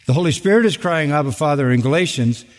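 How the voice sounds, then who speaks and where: A man's voice: on the high side, animated, quick pace. An older man preaching a sermon from the pulpit, emphatic and building to urgent peaks on key phrases. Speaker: pastor. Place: large church. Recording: long reverb of a church sanctuary.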